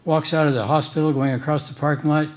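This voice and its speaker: A man doing stand-up comedy on stage, delivering jokes with a deadpan punchline style. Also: on the high side, fast.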